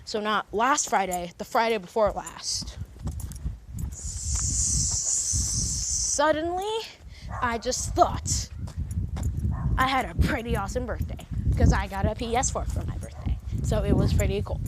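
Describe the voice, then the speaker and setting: A woman's voice: medium pitch, animated, unhurried, pauses often, heavy background noise. A young woman vlogging from her phone, rambling and correcting herself in a casual monologue. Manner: rambling, self-correcting, heavy use of filler words. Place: recording on a phone while out and about.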